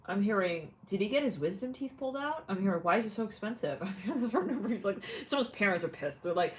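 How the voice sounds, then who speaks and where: A woman's voice: mid-range voice, expressive, racing, few pauses, low-quality recording. A woman giving a casual, rambling tarot reading, talking in a chatty way with lots of fillers and frequent laughter. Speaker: tarot reader.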